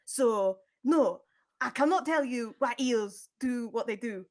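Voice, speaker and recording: A woman's voice: fairly high pitch, animated, slow, crowd noise. A woman voicing a flustered, forgetful older male professor, crude and rambling, in a shaky put-on British Isles accent. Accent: put-on British Isles accent, by own admission poorly done. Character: muddled older male professor, freshly dead.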